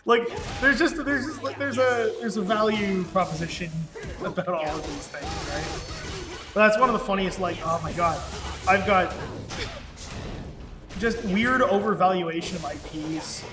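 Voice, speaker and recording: A man's voice: high-pitched, unhurried. A man who is an indie game developer, chatting casually on a stream and telling stories with laughs and the odd swear. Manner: excited storyteller, laughs and swears. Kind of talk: casual chat while playing. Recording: echoey room with game music.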